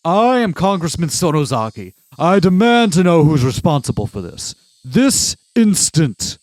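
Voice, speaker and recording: A man's voice: on the high side, sing-song, a little slow, no room sound, pitched above the performer's own voice. A man voicing an intense, furious elderly male congressman who rants pompously and threatens. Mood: indignant. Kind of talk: reading a game aloud with voices.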